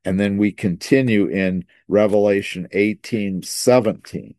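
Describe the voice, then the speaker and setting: A man's voice: on the low side, unhurried, a little mellow, no echo. A man preaching a sermon that teaches through scripture. He often stops and repeats words as he builds toward each point.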